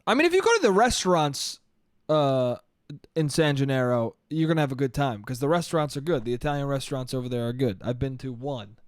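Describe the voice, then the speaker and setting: A man in his late twenties hosting a solo comedy podcast, telling stories in an animated, profane way. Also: medium pitch, fairly quick, dry recording, studio quality. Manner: profane, animated storytelling with put-on voices. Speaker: podcast host.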